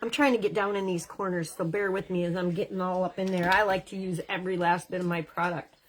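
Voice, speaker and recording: A woman's voice: lowish voice, steady tone, a little hiss or hum. Woman in her fifties, home makeup vlogger, chatty and effusive, talking to the camera mic. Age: 50s. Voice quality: gushing, chatty, quick asides. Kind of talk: casual makeup tutorial chat. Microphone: camera mic, lapel not worn.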